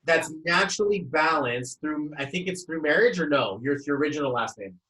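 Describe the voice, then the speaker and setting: Male coach, upbeat host on a video call, a touch high-pitched, rambling and effusive. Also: lively intonation, brisk, pushed and bright, roomy sound, low-quality recording. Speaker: numerology coach hosting a group call. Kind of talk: casual group video call.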